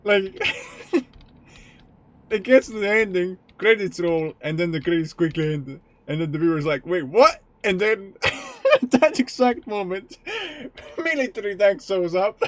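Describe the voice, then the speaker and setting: A man's voice: high-pitched, a little slow. A male streamer chatting casually during a game, often breaking into laughter. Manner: giggly, keeps breaking into laughter.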